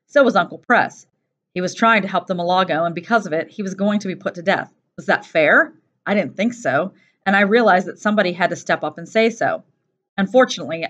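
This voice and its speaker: A woman teacher reading a first-person novel aloud in a steady, plain storytelling voice. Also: fairly low pitch. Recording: dull lo-fi recording.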